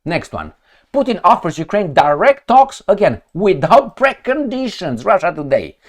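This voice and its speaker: A man's voice: high voice, sing-song, moderate pace. A man who reads news headlines aloud and reacts to them with sarcastic, heated mockery. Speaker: political commentator.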